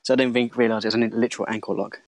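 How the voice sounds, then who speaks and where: Fast-talking man in casual chat. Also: fairly low pitch, steady tone. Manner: quick, chatty. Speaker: podcast co-host.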